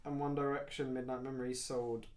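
A man hosting a casual podcast, easygoing and sweary. His voice sits in a middle pitch. He talks loosely, like he's among friends. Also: little pitch movement, a little fast, crowd noise. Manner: laid-back, swears, says "mate". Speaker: podcast host. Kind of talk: casual chat.

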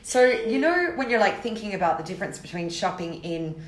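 A woman's voice: medium pitch, sing-song, fairly quick, echoey room, rough recording. A woman with an Irish accent co-hosting a podcast in casual chat, teasing and laughing easily. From Ireland. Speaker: podcast co-host.

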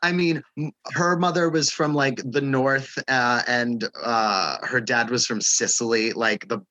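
A man co-hosting a casual podcast chat, animated and laughing often as he acts out relatives in quoted voices. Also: mid-range voice, measured pace, no echo, highs cut off. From Staten Island, New York. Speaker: podcast co-host.

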